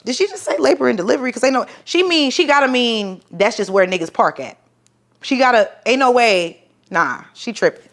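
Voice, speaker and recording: A young woman, telling a personal story to the camera in a profane, animated way and acting out the people in it. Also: on the high side, fairly quick. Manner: profane, animated, dramatic re-enactments. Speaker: vlogger. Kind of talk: storytelling vlog.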